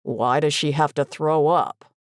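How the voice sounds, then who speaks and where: A woman reading a bewildered husband's lines in a low, confused, then quietly despairing voice. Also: steady tone, unhurried, dry recording, studio quality. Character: bewildered middle-aged husband, turning grim.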